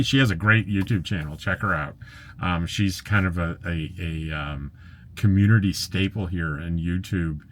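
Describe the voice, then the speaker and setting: A man's voice: low-pitched, fairly bright tone. A man vlogging from his RV camp, reading viewer comments in a casual, rambling way with chuckling asides. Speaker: RV travel vlogger. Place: RV camp in the desert.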